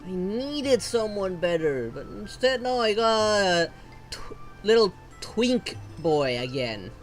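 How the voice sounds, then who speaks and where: A woman's voice: mid-range voice, very animated, slow pace, faint music behind. A woman from Argentina, streaming a gacha game and ranting in frustration with lots of swearing.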